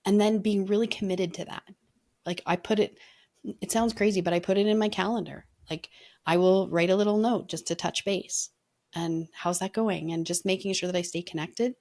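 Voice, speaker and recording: A woman's voice: mid-range voice, fairly even intonation, normal speed, darkish tone. A woman leadership coach talking in an earnest, reflective way, telling stories in a casual podcast conversation.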